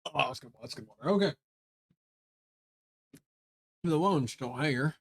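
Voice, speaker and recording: A male livestreamer chatting loosely with his viewers while working through a story game. His speaking voice sits fairly high for a man. He rambles, curses freely, and keeps talking directly to his chat. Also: lively intonation, a little fast, creaky, hardly any pauses, fairly bright tone, husky. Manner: rambling, profane, talks to chat. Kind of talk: casual live-stream chat while reading a game.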